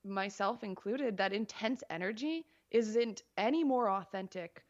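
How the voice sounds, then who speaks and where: A woman psychotherapist speaking as a podcast guest in a relaxed, chatty way, with many "like" and "you know". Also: mid-range voice, unhurried, highs cut off. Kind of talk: casual conversational interview.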